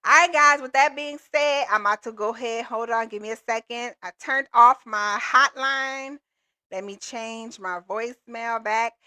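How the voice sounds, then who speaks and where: A woman's voice: on the high side, moderate pace, pushed and bright. A woman hosting a live call-in coaching stream, talking in an upbeat, motivational and casual slangy way. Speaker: business coach and livestream host. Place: Texas.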